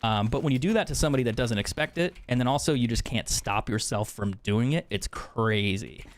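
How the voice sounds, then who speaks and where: A man's voice: medium pitch, a little fast. Candid, profane young man streamer. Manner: candid, profane, laughs often. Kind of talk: casual chat with stream viewers while gaming.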